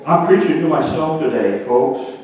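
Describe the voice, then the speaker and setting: A man with a fairly high voice preaches a sermon, turning to his listeners now and then with direct questions. His voice rings through a long, echoing hall, and he sounds set back from the microphone. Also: animated, normal speed, darkish tone, far from the mic. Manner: storytelling preacher, addresses congregation directly. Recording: echoey hall, speaker off the mic.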